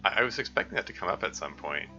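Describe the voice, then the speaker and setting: Man, streamer, casual commentary, rambling asides, bright tone, dull lo-fi sound. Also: low voice, lively intonation, racing, soft background music. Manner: rambling, self-interrupting asides with laughs. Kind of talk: casual live playthrough commentary.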